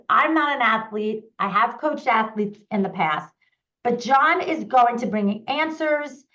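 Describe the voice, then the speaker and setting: A woman's voice: a little high, pushed and bright. Woman, host, live online chat, eager, upbeat, list-like delivery, slightly muffled lo-fi sound. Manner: upbeat, eager, lists things in quick runs. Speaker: host and parenting coach.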